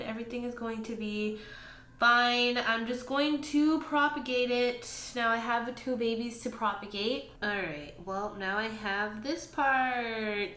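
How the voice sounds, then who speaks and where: A plant vlogger with a fairly high, steady, sharp-toned voice chats casually and speaks to her plants at a slow pace. The recording has an echoey room sound with faint ambient noise.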